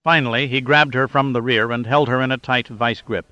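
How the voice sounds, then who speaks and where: Bright-voiced male audiobook narrator. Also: mid-range voice, steady tone, a little fast, no echo, highs cut off. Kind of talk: scripted narration.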